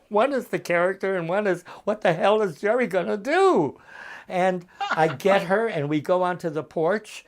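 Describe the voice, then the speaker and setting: A man in his eighties, a veteran actor being interviewed over a video call from his home, telling stories in an unhurried way and acting out the voices of the people in them. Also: fairly high pitch. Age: 80s. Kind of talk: anecdotal storytelling.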